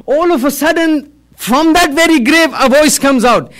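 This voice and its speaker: A male preacher tells a story from the pulpit in a fairly high voice. He acts out the dialogue with big swings of pitch and loudness, rising to excited peaks and dropping to hushed lines. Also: normal speed. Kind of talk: storytelling sermon.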